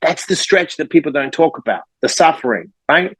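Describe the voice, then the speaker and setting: A man who is a life coach and author, telling a story in a podcast conversation with lively energy and acting out the people in it. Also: a little high, fairly quick, slightly rough, no echo, poor audio. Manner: energetic, acts out the people in his stories.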